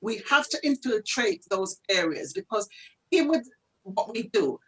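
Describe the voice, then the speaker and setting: Husky-voiced woman speaking earnestly. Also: mid-range voice, animated, moderate pace, rough recording. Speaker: guest speaker. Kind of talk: webinar talk. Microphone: video call.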